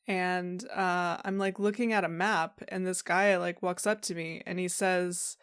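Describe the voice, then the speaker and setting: A woman's voice: on the low side, steady tone, a little slow, clear, resonant tone. Giggly woman telling a story. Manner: storytelling, giggly, many fillers. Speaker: podcast co-host. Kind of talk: casual chat.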